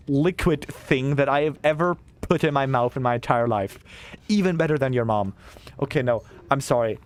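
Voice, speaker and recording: A young man, chatting casually and ranting excitedly to his chat while streaming a game, swearing freely. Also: mid-range voice, fairly quick.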